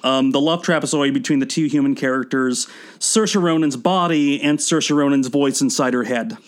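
A man co-hosting a casual podcast, talking through a film in a wry, rambling way. His voice sits at an ordinary middle pitch for a man. He pauses often with little fillers. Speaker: podcast co-host.

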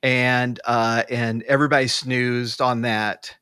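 A man's voice: medium pitch, level tone, slow, pushed and bright, smooth, no room sound, studio quality. A man co-hosting a podcast, chatting casually with many restarts and fillers, laughing often. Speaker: podcast co-host. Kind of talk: casual chat. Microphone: remote call mic.

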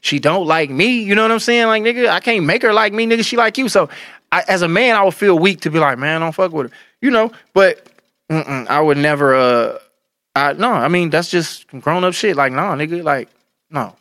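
A young man co-hosting a casual chat, telling loud, animated stories full of crude slang. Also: a little high, normal speed, no room sound, studio quality. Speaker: podcast co-host.

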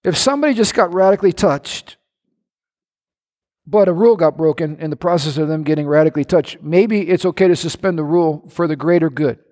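A male pastor preaching a sermon in a church, animated and emphatic, with sudden bursts of shouting and playful mimicry. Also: a little high, brisk. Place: church hall. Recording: echoey church hall.

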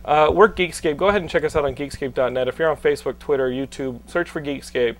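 Loud, laughing man hosting a podcast. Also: fairly high pitch, fast talker. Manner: loud, swearing, laughing, talks over guests. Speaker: podcast host. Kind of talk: loud casual podcast banter.

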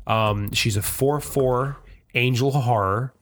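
A man co-hosting a casual podcast, nasal and congested with a cold, steering the chat in a relaxed way. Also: mid-range voice, takes it slowly. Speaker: podcast co-host.

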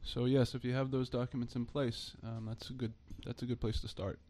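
A man's voice: mid-range voice, little pitch movement, a little fast, darkish tone. A man, an attorney guest, giving brief matter-of-fact answers. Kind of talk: interview answers.

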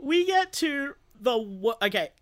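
A woman with an Australian accent co-hosting a comedy podcast, chatting casually in an exasperated, incredulous way with halting restarts. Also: on the high side, big pitch swings. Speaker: podcast co-host.

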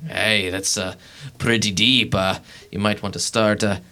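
A man playing a pirate captain in a tabletop game, jokey and half in character. His voice sits low yet sounds bright and forceful. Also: steady tone, a little slow, clear, resonant tone. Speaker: player. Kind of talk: tabletop role-play.

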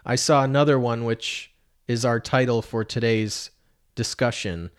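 Male pastor, mid-pitched voice, earnest conversational preaching, rhetorical questions. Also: steady tone, a little slow, clear, resonant tone. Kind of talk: sermon.

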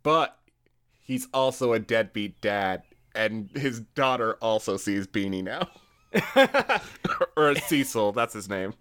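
A man's voice: on the low side, animated, slow, pauses often, a bit bright, clear, resonant tone. A man guesting on a podcast in casual chat, spinning out jokey story ideas and laughing often.

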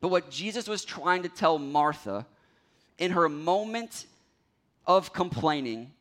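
A man preaching a sermon as pastor, earnest, his voice dropping low at the ends of phrases. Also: lively intonation, measured pace, a bit bright.

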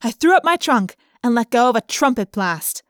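A woman narrating a children's audiobook in a playful, expressive storytelling manner. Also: on the high side, normal speed, a little hiss or hum.

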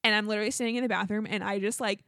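A pregnant young woman co-hosts a podcast, spinning a long, chatty story full of "like"s and frequent laughs. Her mid-range, fairly bright voice moves rapid-fire with fairly even intonation. The studio-quality recording has no echo.

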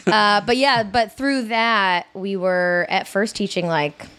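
A woman comedian from Connecticut chatting casually on a podcast, animated, laughing often and using many fillers. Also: medium pitch, slow pace. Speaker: comedian guest.

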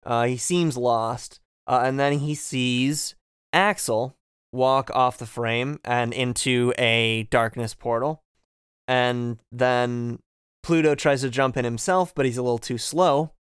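A man's voice: medium pitch, fairly even intonation, slow pace, a bit bright, smooth, no room sound, clean studio sound. A man co-hosting a casual podcast, recapping a video game from his notes, joking and laughing often. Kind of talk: casual chat. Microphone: close podcast mic.

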